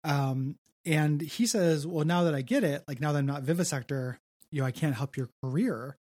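A man's voice: fairly high pitch, normal speed, a little mellow, no room sound, studio quality. A man co-hosting a podcast, recapping a film in casual chat, joking and laughing often. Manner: laughing, joking, acts out quotes. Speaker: podcast co-host.

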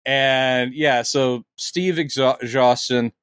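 Podcast co-host, man, animated storyteller who acts out lines, dry close mic. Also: medium pitch, slow, clean tone, no echo. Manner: animated storytelling, acting out quotes. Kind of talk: casual chat.

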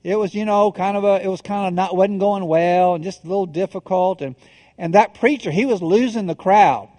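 A middle-aged man preaching from the pulpit, his voice sitting a little high for a man. He tells jokes at his own expense with stops and restarts, then slows into grave, deliberate phrasing. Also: mellow. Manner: self-deprecating storyteller, halting restarts, then measured solemn delivery. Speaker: pastor. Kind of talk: sermon with humorous stories.

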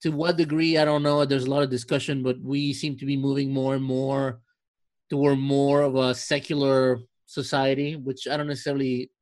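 A man's voice: medium pitch, level tone, moderate pace, a little mellow, no echo. A man in a casual faith conversation, reflective and hesitant, often restarting his sentences.

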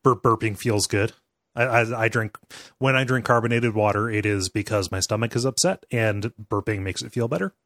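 A man's voice: fairly low pitch, moderate pace, fairly bright tone, no room sound, studio quality. A man hosting a podcast, talking in a rambling way with many restarts. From American Midwest. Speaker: podcast host. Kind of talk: casual chat.

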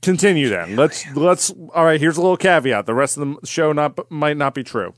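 A man's voice: a little high, lively intonation, brisk, no echo, clean studio sound. A man co-hosting a comedic history podcast, wry and sarcastic as he steers the story along. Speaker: podcast co-host. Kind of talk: casual comedic history chat.

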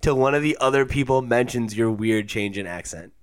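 A young man hosting a casual podcast, laid-back and quick to laugh, with lots of fillers. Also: mid-range voice, clean tone. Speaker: podcast host.

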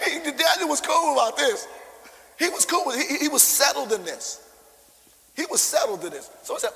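A man preaching a sermon, informal and animated, acting out scripture and calling out to the congregation. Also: sits high, normal speed, creaky, long reverb tail, rough recording. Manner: animated, acts out scripture with shouted character voices; informal, call-and-response preaching.

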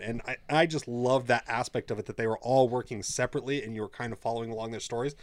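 Podcast host, male, excitable rambler with frequent cursing, dry close sound. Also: medium pitch, fast, hardly any pauses, dry recording. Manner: enthusiastic, rambling, heavy swearing. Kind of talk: casual chat.

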